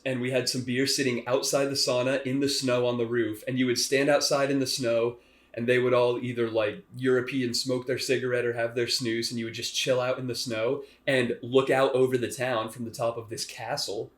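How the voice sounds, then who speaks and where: A young man co-hosting a podcast, telling stories in a relaxed, wry way. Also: medium pitch, moderate pace. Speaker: podcast co-host. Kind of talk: casual chat. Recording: echoey room.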